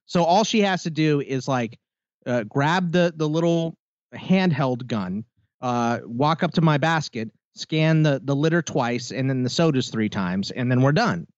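A man's voice: medium pitch, unhurried, no room sound, muffled recording. A man co-hosting a podcast, telling a story in casual chat and acting out the people in it. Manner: animated storytelling with quoted voices. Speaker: podcast co-host.

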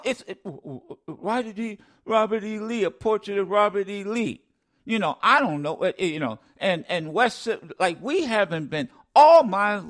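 Fired-up man hosting talk radio. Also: high-pitched. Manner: animated, stammering restarts, preacherly repetition. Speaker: radio talk show host. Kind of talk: impassioned talk radio commentary.

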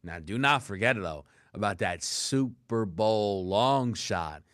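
A man co-hosting a sports talk show, ranting in an animated, fired-up way about the draft. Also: on the low side, takes it slowly, dry recording, clean studio sound. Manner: loud, fired-up, ranting, puts on quoted voices. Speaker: sports radio co-host.

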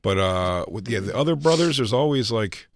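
A man co-hosting a podcast in casual comedic banter, riffing crudely into dark absurd bits. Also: fairly low pitch, expressive, moderate pace, dry recording, studio quality. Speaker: podcast co-host.

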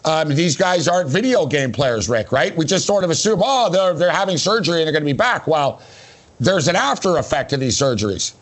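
A male sports show host who talks in a chatty, rambling way and throws in sarcastic jokes. His voice sits a little higher than most men's. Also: expressive, a little fast. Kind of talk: casual sports talk.

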